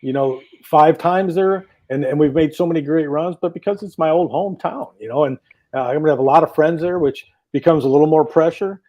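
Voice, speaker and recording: Over a video call, a man with a slightly high voice talks fairly quickly, and the audio sounds dull. He's a drag racing driver appearing as a guest on a relaxed talk show, eagerly rambling through his stories.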